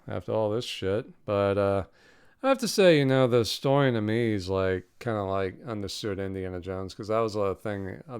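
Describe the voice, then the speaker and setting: A man's voice: lowish voice, creaky, smooth. A man hosting a podcast, reviewing a film in a casual, rambling, profane way with frequent laughs. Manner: profane, laughing, animated retelling.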